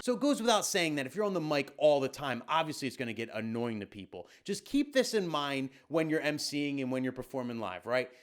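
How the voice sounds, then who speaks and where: A man's voice: mid-range voice, big pitch swings, brisk, hardly any pauses, faint music behind. A man who is a DJ, giving casual, blunt and emphatic tutorial advice with slangy asides.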